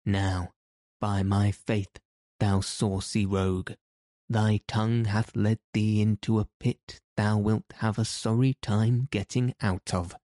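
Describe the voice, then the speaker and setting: A man reads the part of a big, blustering outlaw forester who boasts and threatens in archaic speech. The voice is low, flat and slow, with a mellow, dry close sound. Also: dry recording. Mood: angry.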